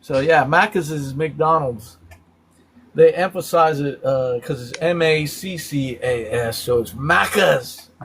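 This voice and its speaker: A man with a fairly high voice hosts a relaxed live stream. He walks through slang words one after another, animated and quick to laugh. A faint hum of room ambience sits behind him. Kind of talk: casual live-stream chat.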